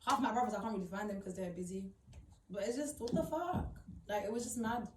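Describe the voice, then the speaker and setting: A woman's voice: mid-range voice, a little fast, distant mic, slight background noise. A woman tells her own story in emphatic, repetitive, slang-heavy talk. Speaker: storyteller recounting her experience. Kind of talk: personal storytelling. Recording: roomy, voice off-mic.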